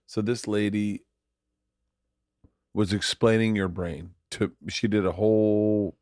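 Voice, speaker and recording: A man's voice: lowish voice, steady tone, slow, darkish tone, dry recording, studio quality. A middle-aged man telling a family story at home in casual, rambling speech, repeating words as he goes. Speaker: podcast guest, husband. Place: home, late night.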